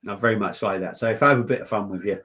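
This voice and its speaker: A man's voice: fairly low pitch, racing, pushed and bright. A man hosting a casual beer-review livestream, joking and rambling with plenty of swearing.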